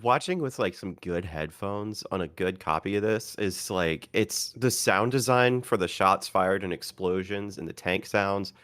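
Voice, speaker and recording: A young man with a lowish voice joins a casual podcast chat. He sounds enthusiastic, and his sentences are strung together with plenty of "like.". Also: measured pace, few pauses. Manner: leans on "like" as filler, warmly enthusiastic. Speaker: podcast co-host.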